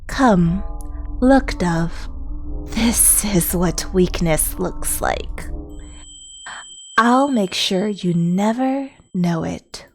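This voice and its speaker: A woman voicing a possessive, doting dark mother figure who speaks in a hushed, drawn-out way. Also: mid-range voice, faint music behind.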